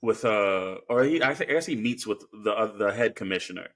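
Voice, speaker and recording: Chatting casually about a film, a male podcast co-host recaps it in a rambling style with plenty of fillers. He sounds animated and brisk, with a voice on the low side and a fairly bright tone.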